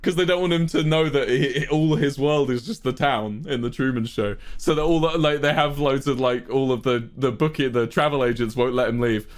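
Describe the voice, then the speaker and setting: A young man streaming and telling his chat a long story in an exasperated, swearing, animated rant. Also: mid-range voice, a little fast, few pauses. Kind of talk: casual storytelling to a live chat.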